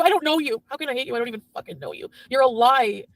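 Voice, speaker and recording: A woman on a live stream, venting angrily and profanely about being cheated on, swinging between yelling and hushed, broken-down talk. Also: high-pitched, racing, no echo, rough recording. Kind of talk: emotional live-stream rant.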